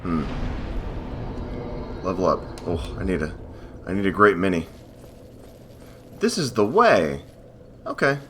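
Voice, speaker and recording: A man's voice: low-pitched, wildly swooping pitch, slow, long pauses, fairly bright tone, a little hiss or hum. A man commenting casually as he plays a hard video game, rambling, cursing and mocking himself. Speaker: gameplay host. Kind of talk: let's play commentary.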